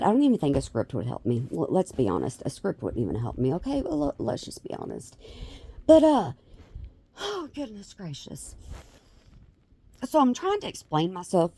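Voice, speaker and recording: A woman's voice: low-pitched, mellow. A middle-aged woman, rambling through a casual vlog with many restarts and self-deprecating asides. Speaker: vlogger.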